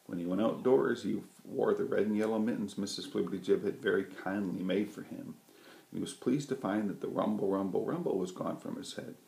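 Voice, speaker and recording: A man reading a children's story aloud with a gentle, lively delivery. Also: lowish voice, a little fast, creaky. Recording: roomy echo.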